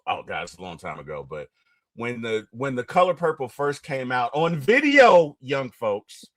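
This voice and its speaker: A middle-aged man hosting a casual interview, talking animatedly and getting loud and excited as he retells film scenes. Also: medium pitch, normal speed, no room sound. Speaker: interview host.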